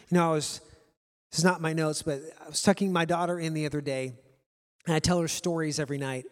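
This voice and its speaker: A man's voice: a little high, a little fast, big-room sound. A male pastor preaching a sermon to his congregation, earnest and repeating key phrases for emphasis.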